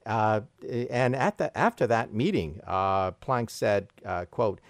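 A man's voice: lowish voice, very animated, slow, no room sound. A man hosting a radio interview, asking questions in an inquisitive way.

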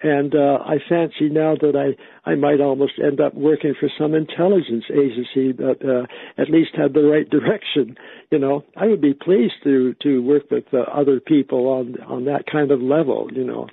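Gravelly man on a tinny phone line. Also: mid-range voice, steady tone, no room sound. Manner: halting, with many fillers and restarts. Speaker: guest. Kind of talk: phone-in interview talk.

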